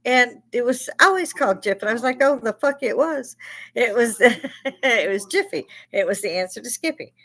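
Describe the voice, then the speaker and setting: A woman's voice: on the high side, expressive, moderate pace, a bit bright. A woman in her sixties, a live-stream host, telling rambling stories in a blunt, profane way and laughing often. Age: 60s. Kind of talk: casual chat.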